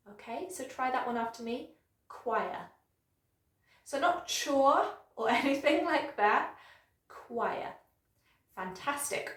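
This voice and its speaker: Cheerful woman teacher modelling words slowly. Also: high voice, a bit bright, echoey room. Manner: slow, exaggerated modelling of words with encouraging praise. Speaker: English teacher. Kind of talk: pronunciation lesson to camera.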